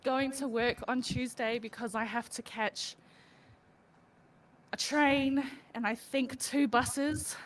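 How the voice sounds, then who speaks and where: A woman's voice: fairly high pitch, fairly even intonation, takes it slowly. A woman co-hosting a podcast in casual chat, giggly and laughing often. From Australia. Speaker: podcast co-host.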